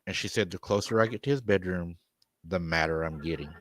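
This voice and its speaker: Low-voiced man retelling a scary story. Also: brisk, fairly bright tone, slight background noise. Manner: retells at length, repeating "she said" constantly. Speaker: paranormal show host.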